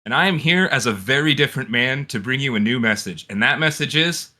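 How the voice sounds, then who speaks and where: Male podcast host with a sharp, tense tone, swears freely, sarcastic intro. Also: mid-range voice, lively intonation, fairly quick, hardly any pauses. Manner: profane and sarcastic.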